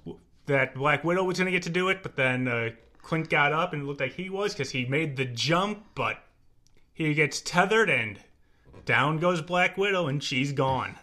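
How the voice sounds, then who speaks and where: A man's voice: a little high, expressive, normal speed, a little hiss or hum. A man co-hosting a casual movie review podcast, playful and teasing, open about being emotional. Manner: playful, teasing, self-confessed softie. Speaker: podcast co-host.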